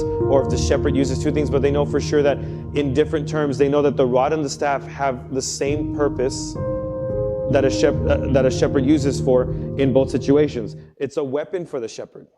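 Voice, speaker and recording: A young man, a youth pastor, preaching a sermon in a casual, conversational way, telling stories and acting out quotes. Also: mid-range voice. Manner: conversational, storytelling with acted quotes.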